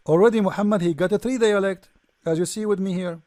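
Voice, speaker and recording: Sarcastic high-voiced man with a lilt. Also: fast, a little mellow, dry recording, clean studio sound. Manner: mocking, sarcastic, repeats and restarts words. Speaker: debate show host. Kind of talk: polemical commentary reading from a screen.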